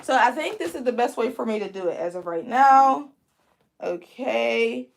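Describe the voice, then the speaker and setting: High-voiced chatty braiding teacher, woman. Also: lively intonation, moderate pace, gravelly. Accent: Pennsylvania. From Pennsylvania. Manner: chatty, talks to viewers as "y'all". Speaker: braiding instructor hosting a livestream. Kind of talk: live tutorial with chat reading.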